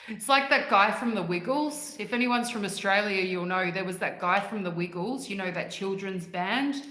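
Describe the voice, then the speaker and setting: A woman's voice: mid-range voice, a bit bright, reverberant. A woman hosting a livestream, chatting casually and answering live comments in a rambling way and laughing often. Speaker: livestream host.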